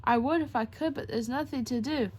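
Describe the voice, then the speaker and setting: A woman's voice: sits high, brisk, a little mellow. A woman voicing a big, nervous male elephant in a children's storybook, in a rhyming, apologetic sing-song.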